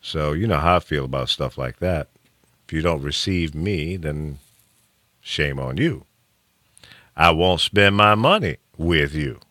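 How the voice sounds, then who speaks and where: A man's voice: extremely low pitch, measured pace, long pauses, no room sound, clean studio sound. A man hosting a talk show, chatting casually and giving opinions with plenty of restarts and chuckles. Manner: opinionated, animated, chuckles often, frequent restarts. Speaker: radio talk show host.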